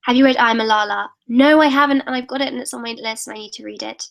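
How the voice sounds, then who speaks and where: A woman's voice: on the high side, fairly even intonation, fast, gravelly, rough recording. A teenage girl in a casual live-stream Q&A, reading out viewers' comments and answering them in a chatty, upbeat way. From United Kingdom. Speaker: YouTuber answering live questions.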